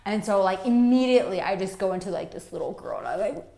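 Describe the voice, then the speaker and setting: A woman's voice: mid-range voice, lively intonation, fast, gravelly, dark tone, echoey room. A woman who is a relationship coach, giving blunt, frank advice to camera in a casual vlog and swearing freely.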